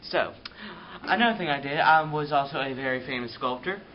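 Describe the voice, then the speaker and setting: Pompous old-master sculptor type, full of himself, played by a teen boy, slightly high-pitched, dull lo-fi recording. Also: animated, fairly quick, close to an everyday voice. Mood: boastful. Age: teens. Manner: pompous, boastful. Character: boastful pompous male Michelangelo, self-important artist. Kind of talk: amateur school video sketch. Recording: dull lo-fi camera audio with hiss.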